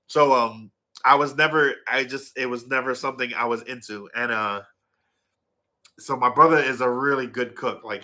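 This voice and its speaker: A man's voice: mid-range voice, sharp tone. A middle-aged man chatting casually to viewers, rambling and correcting himself as he goes. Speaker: vlogger.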